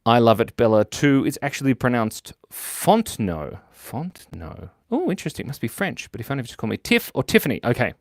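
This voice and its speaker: A man's voice: medium pitch, sing-song, very fast, few pauses, dry recording, clean studio sound. A man hosting a live drawing stream, chatting casually with viewers, reading their comments and joking at his own expense while laughing often. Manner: playful, joking and self-mocking. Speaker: livestream host drawing for viewers.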